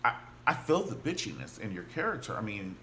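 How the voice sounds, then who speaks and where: A man recaps a TV drama in a loose, gossipy way, often slipping into the characters' voices. His pitch swings widely as he talks. A faint hiss sits under the recording. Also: a little fast. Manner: animated and gossipy, acts out quotes of characters. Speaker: TV show reviewer. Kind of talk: casual recap and commentary.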